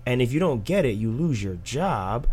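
A man's voice: medium pitch, normal speed, slightly rough. A young man in casual podcast chat, arguing with rhetorical questions. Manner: animated, argumentative, rhetorical questions.

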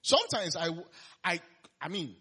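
A man preaching a conversational sermon, laughing often and swinging between loud emphasis and quiet asides. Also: sits high, sing-song, normal speed, husky.

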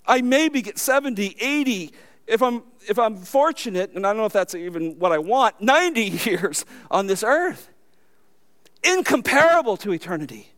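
High-voiced man preaching a sermon. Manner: earnest, animated preaching with frequent restarts. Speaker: pastor.

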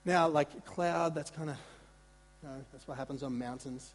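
Male pastor, husky and slightly high, animated sermon in a reverberant hall. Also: moderate pace. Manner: conversational, animated preaching with asides and repetitions.

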